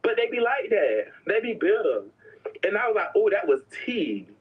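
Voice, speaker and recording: A woman's voice: mid-range voice, big pitch swings, moderate pace, slightly rough. A woman telling prison stories in a casual, sassy, dramatic way, slipping into other people's voices. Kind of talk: casual storytelling. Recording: dull lo-fi sound.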